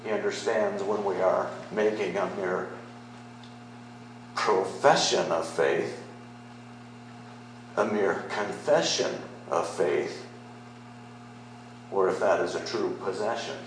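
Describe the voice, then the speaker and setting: A man's voice: low-pitched, slow, pauses often, very echoey, slight background noise, rough recording. A middle-aged man preaching a sermon as pastor, conversational and then rising into emphatic declarations.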